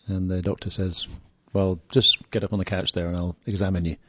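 A man hosting a casual podcast, relaxed and chuckling, reading out listener questions. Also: deep voice, brisk, no room sound. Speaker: podcast host. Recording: dull lo-fi sound.

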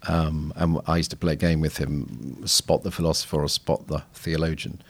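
A man's voice: extremely low pitch, little pitch movement, moderate pace. A man, a guest on a podcast, telling stories reflectively with frequent restarts. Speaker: guest missiologist. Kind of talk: casual podcast conversation.

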